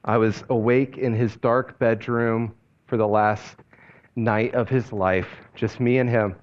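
A male pastor giving a sermon in a hushed, reflective way. His voice sits at a middle pitch and often sinks low and soft at the end of a thought. The recording sounds slightly dull and muffled. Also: steady tone. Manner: slow, hushed and reflective, dropping low on key phrases.

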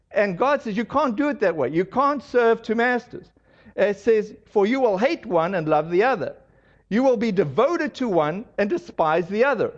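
A man preaching a sermon in a conversational, storytelling way, with animated asides. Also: high voice, dull audio. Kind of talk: sermon with personal testimony.

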